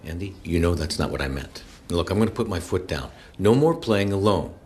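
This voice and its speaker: An actor playing a stern, worried father who firmly lectures his son and slows down to stress his points. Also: low voice, expressive, a little mellow. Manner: firm, lecturing, slows down for emphasis. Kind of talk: film drama dialogue.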